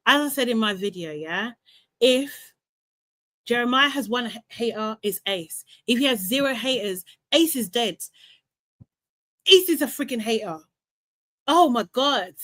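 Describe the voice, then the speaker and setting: Ranting young woman live-stream host. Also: a little high. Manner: animated and ranting, with frequent laughs and repeats. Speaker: host of a live reality TV recap show. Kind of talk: casual live-stream chat.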